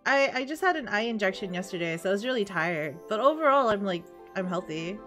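A woman's voice: medium pitch, animated, brisk, a bit bright, faint music behind. A young woman streamer chatting casually with her chat while playing, laughing often. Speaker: VTuber streamer.

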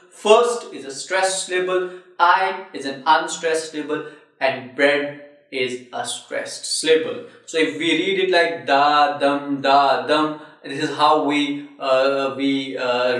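A man's voice: a little high, fairly bright tone. A man giving a recorded literature lecture, explaining carefully and counting syllables aloud. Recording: very echoey room, mic at a distance.

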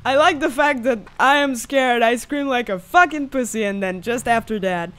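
A young woman commentating a horror game, swinging between shrieking panic and calm muttering and swearing a lot. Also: fairly high pitch, moderate pace, smooth. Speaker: gamer.

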